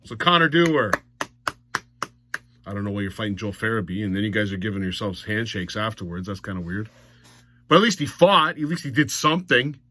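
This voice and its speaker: A man's voice: fairly low pitch, very animated, a little fast, pushed and bright. A man recapping a hockey game in a blunt, mocking monologue that rises to exasperated outbursts. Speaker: hockey commentator.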